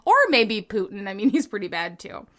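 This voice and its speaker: A woman's voice: mid-range voice, expressive, a little fast. A young adult woman co-hosting a podcast, chatting and joking, and reading a source aloud with her own asides. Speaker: podcast co-host.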